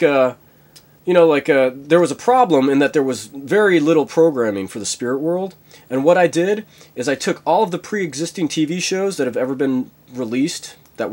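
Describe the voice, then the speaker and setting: A man's voice: medium pitch, a little mellow. A man rambling through a comic monologue, full of fillers and chuckling at his own jokes.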